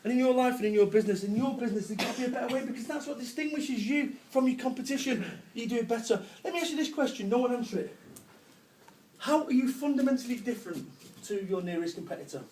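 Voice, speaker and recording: A man with a Manchester accent gives a brash, joking motivational business talk at a live event. His voice sits high for a man, and he laughs and swears along the way. A faint noise runs under the recording. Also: fast talker, darkish tone. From Salford, England. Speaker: business speaker.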